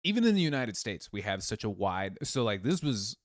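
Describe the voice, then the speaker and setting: A man's voice: lowish voice, fairly quick, no room sound, studio quality. A young man, telling crude stories in a casual podcast chat. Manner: crude, animated storyteller, swears a lot. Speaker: podcast co-host.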